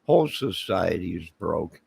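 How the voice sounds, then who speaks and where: A man's voice: deep voice, very animated, unhurried, darkish tone. A man hosting his own channel, talking in a rambling, casual commentary monologue full of fillers and asides. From Illinois. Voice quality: very gravelly, husky voice. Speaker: channel host.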